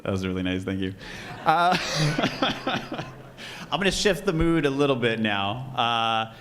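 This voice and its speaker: A man with a medium-pitched, sing-song, slightly bright voice speaks slowly at an event, acting as both speaker and emcee. Earnest and chatty, he's often amused at himself as he gives a speech and tells jokes to a live audience in a room, with a faint crowd audible.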